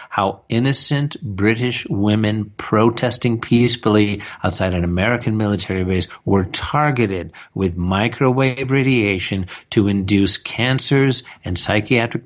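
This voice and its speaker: A man co-hosting a talk radio show, talking casually and rambling. His voice sits on the low side. It comes through dull, lo-fi radio audio. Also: a bit bright. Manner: rambling, full of "you know" and restarts.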